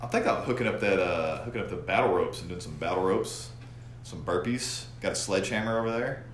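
A drunk man with a lowish voice, rambling and swearing in casual podcast banter. The sound is echoey, as in a garage, with faint noise behind him. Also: a little fast. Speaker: podcast host.

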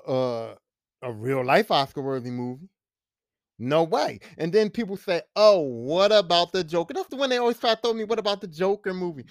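Male podcast host with a high voice, emphatic and profane in his casual movie rant, recorded dry. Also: no room sound. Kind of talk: casual ranting review.

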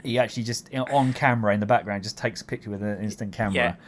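A man's voice: fairly low pitch, racing. A man riffing in a casual comedic chat, rambling with lots of fillers and amused laughs.

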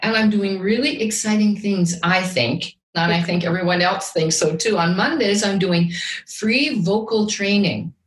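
A woman's voice: mid-range voice, unhurried. A woman speaking as a guest vocal coach in an interview, enthusiastic and often repeating words as she searches for the next one. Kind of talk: casual interview talk. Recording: roomy echo.

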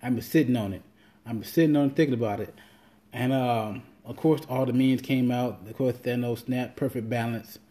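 A man's voice: medium pitch, fairly even intonation, brisk, dark tone. A man hosting a podcast, talking loosely and rambling, swearing freely and acting out quoted lines. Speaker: podcast host. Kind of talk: casual monologue.

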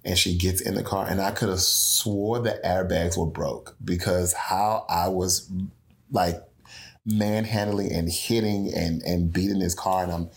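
Young man from Houston, very low and gravelly voice; earnest interview guest. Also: fairly even intonation, unhurried. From Houston, Texas. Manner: earnest, with frequent restarts and quoted dialogue. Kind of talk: emotional personal storytelling.

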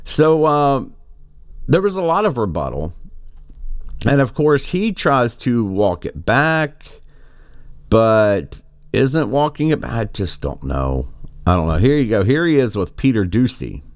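A man's voice: medium pitch, sing-song, a little slow, dry recording, clean studio sound. Exasperated, rambling male commentator. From United States. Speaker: political commentator. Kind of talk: casual commentary.

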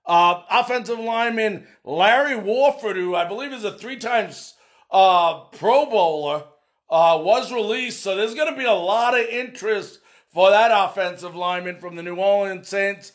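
A man hosting a sports podcast, talking loudly and emphatically, often shouting, with frequent fillers. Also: high-pitched, moderate pace.

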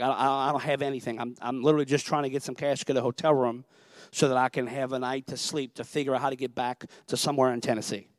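A man's voice: medium pitch, no echo. A young man, a pastor telling a personal story in a conversational sermon. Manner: conversational storytelling, Southern phrasing.

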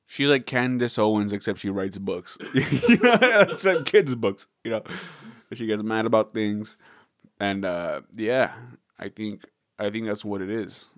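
A man from Southern California rambles through a casual podcast chat. He swears freely and laughs often, and his voice sits a little low. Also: steady tone, a little slow, dry recording, clean studio sound.

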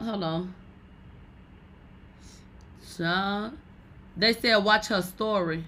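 A woman hosting a casual celebrity gossip show, blunt, profane and animated. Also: medium pitch, drawn-out words, pauses often, slight background noise.

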